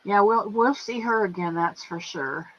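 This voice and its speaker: Woman stream host, unhurried and doting, dull lo-fi audio. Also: medium pitch. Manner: affectionate, calls viewers pet names. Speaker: livestream host. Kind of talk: casual chat greeting viewers and reading comments.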